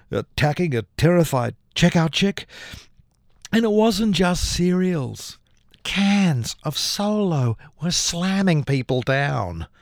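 A man's voice: high-pitched, no echo, clean studio sound. A man, a poet, performing his comic poem with a theatrical delivery and big dramatic swings in his voice. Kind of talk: performance poetry reading.

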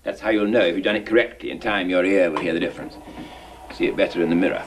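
A man's voice: low-pitched, steady tone, very fast, noisy background. A man playing a stern, impatient male speech teacher who gives commanding, exasperated instructions in a film scene. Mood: instructing. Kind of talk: film dialogue.

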